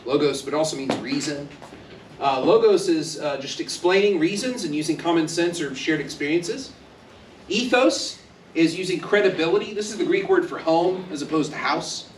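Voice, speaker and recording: A man teaching a university class in a loose, joking way, slipping into little quoted voices. His voice sits a bit high for a man, and it sounds echoey, picked up from across the room. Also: moderate pace, slight background noise. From Texas. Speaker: university lecturer. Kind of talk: classroom lecture. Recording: echoey classroom, speaker far from mic.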